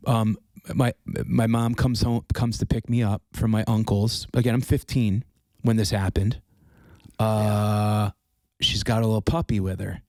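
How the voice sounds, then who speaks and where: A man with a lowish voice tells stories in relaxed podcast conversation. He is animated and swears freely. The sound is dry and close to the mic. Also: unhurried, no room sound. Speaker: podcast guest. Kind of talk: casual chat.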